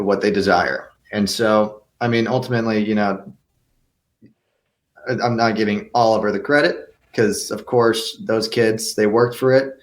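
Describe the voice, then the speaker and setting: A young man, an actor, answering interview questions earnestly, often restarting his sentences. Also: on the low side. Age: young adult. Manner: earnest, with many restarts and stammered repeats. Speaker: guest actor.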